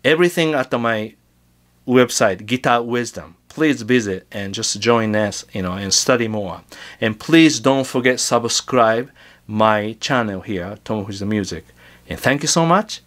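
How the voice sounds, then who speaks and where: A man teaching guitar in a casual lesson, chatty and halting, often repeating words as he demonstrates. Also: lowish voice, animated, fairly bright tone.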